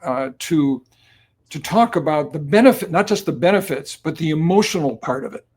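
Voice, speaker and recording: A man in his seventies, a guest on an interview show, telling long stories in a relaxed, anecdotal way with many ums and uhs. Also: fairly high pitch, normal speed, slightly rough. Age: 70s. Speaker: guest, company cofounder. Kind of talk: conversational storytelling.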